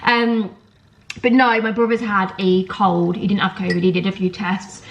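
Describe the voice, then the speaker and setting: A woman's voice: mid-range voice, flat delivery, normal speed, dull audio. A young woman with a sore throat chatting casually to camera in her home kitchen, telling stories with lots of ums and likes. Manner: chatty, storytelling, lots of fillers like um and like. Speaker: vlogger.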